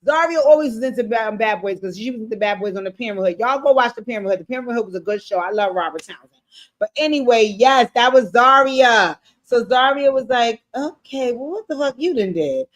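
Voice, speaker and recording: A woman giving a casual recap of a TV episode, animated and blunt, swearing freely and talking straight to her viewers. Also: a little high, a little fast. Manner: animated, blunt and profane, addressing viewers directly. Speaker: TV show recap streamer. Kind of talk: casual show recap commentary.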